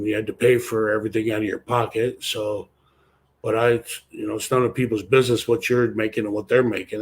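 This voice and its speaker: A man's voice: fairly low pitch, vocal fry, slight background noise. A man being interviewed about his wrestling career, telling stories in a loose, rambling way and swearing constantly. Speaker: interview guest, former wrestler. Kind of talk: casual storytelling interview.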